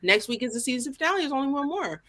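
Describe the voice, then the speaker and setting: A woman co-hosting a podcast in casual chat, animated and exclaiming, talking straight to listeners. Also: high-pitched, very fast. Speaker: podcast co-host.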